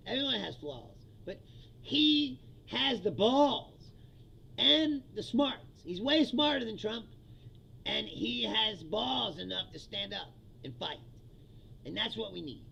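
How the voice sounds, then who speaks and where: A man's voice: high-pitched, gravelly, bright, forceful tone, slight background noise, low-quality recording. A man hosting his own livestream, ranting about politics in a heated, profane, laughing casual style. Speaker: livestream host.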